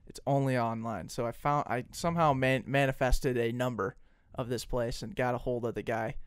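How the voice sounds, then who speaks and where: A young man co-hosting a podcast in casual chat, telling a story with lively acted-out phone calls. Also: mid-range voice, normal speed, smooth, dry recording, studio quality. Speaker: podcast co-host.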